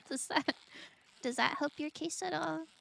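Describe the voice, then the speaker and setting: A high-pitched woman chats slowly and playfully with her live-stream viewers, laughing often. Her voice has a gravelly fry at the ends of phrases, over faint background noise. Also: fairly bright tone. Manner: playful, giggly, talks to chat. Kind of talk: casual live-stream chat while gaming.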